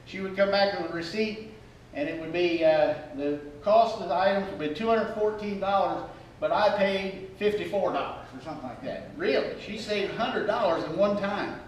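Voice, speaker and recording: A male pastor preaching a sermon, animated and humorous, acting out the attitudes he describes. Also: sits high, normal speed, dull audio, a little hiss or hum. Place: church sanctuary. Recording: echoey church hall from far off.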